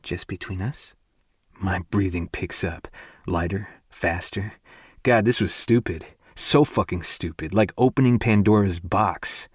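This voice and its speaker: A man narrating a first-person romance audiobook in an intimate, hushed and breathy way. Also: low voice, measured pace, no echo, studio quality.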